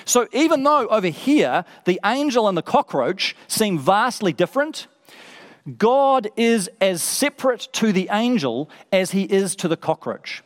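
A male preacher with a fairly high voice delivers a sermon in an emphatic, repetitive style, stacking short phrases one on another. His voice rings out with a long reverb, as if filling a large hall. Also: very animated, unhurried. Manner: emphatic, repeats phrases for effect.

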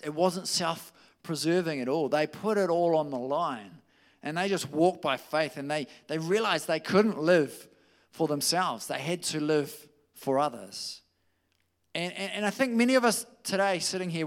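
Animated preacher with a slightly high voice. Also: male voice. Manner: conversational, animated, with restarts and acted quotes. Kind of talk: sermon.

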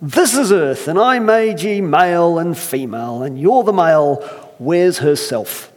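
A pastor playing a brisk, fatherly male creator god in a put-on Irish accent, scolding and no-nonsense, in an echoey hall. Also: on the high side, expressive, a little mellow, pitched above the performer's own voice.

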